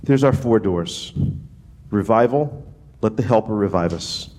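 A man from New Orleans delivers a sermon in a loose, conversational way, trailing off, restarting and checking in with "right?". His pitch swings widely as he talks. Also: a little slow. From New Orleans, USA. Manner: animated, casual preaching with frequent restarts and "right?" asides. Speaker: pastor.

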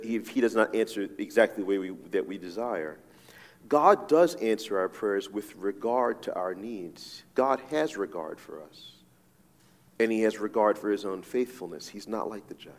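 A man preaching a sermon as a pastor, talking conversationally with frequent asides and repeated "right?" checks to his listeners. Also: on the low side. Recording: long reverb of a large hall.

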